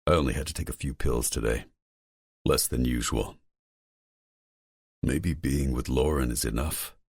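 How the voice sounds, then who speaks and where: Very deep-voiced male audiobook narrator. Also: unhurried, a little mellow, breathy edge, no room sound, studio quality. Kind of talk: first-person romance audiobook narration.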